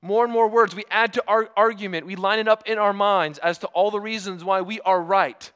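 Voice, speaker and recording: A man preaching a sermon, earnest and emphatic, asking rhetorical questions and slowing down for dramatic pauses. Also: high-pitched, fairly even intonation, a bit bright, clear, resonant tone.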